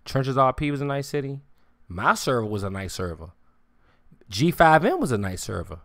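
A man's voice: medium pitch, sing-song, normal speed, no echo, clean studio sound. A man ranting on a live stream in casual street slang, swearing often and repeating "you hear me". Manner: repetitive, keeps saying "you hear me", swears freely; slang-heavy street talk.

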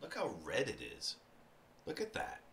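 A man's voice: medium pitch, wildly swooping pitch, moderate pace, vocal fry, a bit bright, a little hiss or hum. A man casually reviewing food on a stream, rambling and chatty, often talking while he chews.

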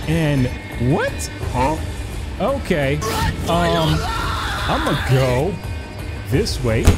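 A man's voice: fairly high pitch, big pitch swings, takes it slowly, pauses often. A young man commentating a horror game he is playing, jumpy and teasing the baby character with mock insults. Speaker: gaming YouTuber. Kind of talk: let's play commentary. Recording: game music playing behind. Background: game music.

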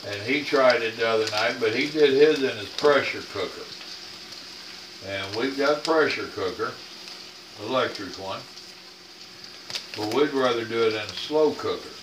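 An older man hosts a cooking channel from his home kitchen, chatting casually in a rambling, folksy, plain-spoken way. His voice is medium-pitched, with background noise, and the camera sits off at a distance, catching the roomy kitchen sound.

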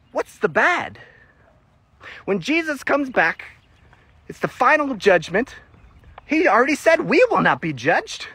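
A man giving a casual, animated Bible teaching during a walk-and-talk, laughing often and getting emotional. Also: extremely high pitch, slightly rough, no room sound. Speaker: Christian ministry teacher.

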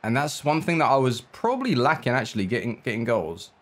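A young man giving live commentary on his own football video game match, reacting out loud to every play. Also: mid-range voice, big pitch swings, brisk. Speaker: gaming YouTuber.

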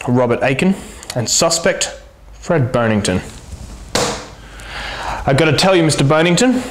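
A man's voice: a little high, close to an everyday voice. An actor playing a blustering policeman who grills a silent suspect in a mock-tough, theatrical way. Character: blustering male cop interrogating a silent suspect. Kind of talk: comedy web-series acting. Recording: echoey room with faint noise.

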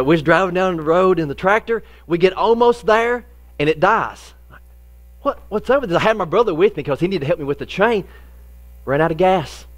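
A middle-aged man, a pastor telling a folksy personal story in a sermon, lively in the funny parts and quieter when serious. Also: on the high side.

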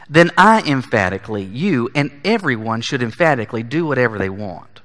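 A man preaching a sermon, emphatic and building to forceful peaks. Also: mid-range voice, very animated, brisk, few pauses. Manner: emphatic, rising to forceful peaks on key lines. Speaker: pastor. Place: church sanctuary. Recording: long church hall reverb.

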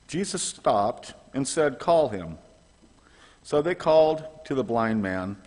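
A man reading scripture aloud in church, halting and stumbling over names. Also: mid-range voice, expressive, a little mellow. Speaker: scripture reader. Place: large church sanctuary. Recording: long church reverb.

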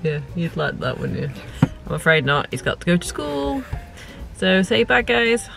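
A British woman vlogging at home, chatting straight to her viewers in a relaxed way. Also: on the low side, moderate pace, gravelly, over music. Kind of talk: casual home vlog.

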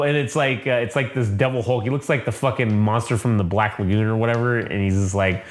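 A man's voice: fairly low pitch, steady tone, quick pace, few pauses. A man co-hosting a casual comic book review podcast, talking in a loose, rambling and profane way. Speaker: podcast co-host.

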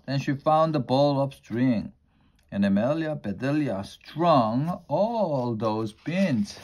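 A man reading a children's storybook aloud in a plain, unhurried way, slowing down for effect. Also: mid-range voice, lively intonation, a little mellow. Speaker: storybook reader.

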